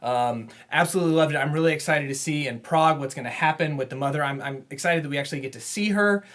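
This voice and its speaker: A man co-hosting a comic book podcast, casually recapping plots and quoting characters in quick put-on voices, laughing often. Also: fairly high pitch, a bit bright. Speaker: podcast co-host. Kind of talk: casual comic review chat.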